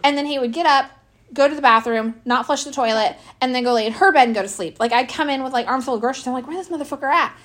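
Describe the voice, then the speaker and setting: A woman's voice: high voice, fast talker, a bit bright. A middle-aged woman telling brash, profane stories about her kids in casual chat. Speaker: podcast host. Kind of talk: casual storytelling.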